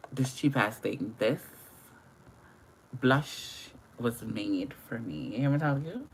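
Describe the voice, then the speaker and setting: A woman's voice: a bass voice, animated, extremely slow, slight background noise. A young woman chatting playfully through a live makeup tutorial and greeting viewers as they join. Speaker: makeup livestreamer.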